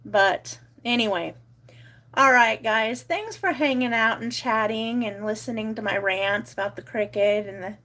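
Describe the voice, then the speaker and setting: A chatty woman, talking slowly and easily to her viewers. Her voice sits a little high, and she drifts from topic to topic in a relaxed, friendly ramble. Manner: chatty, talks to dog in high baby voice. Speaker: vlogger. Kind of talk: casual chat to viewers.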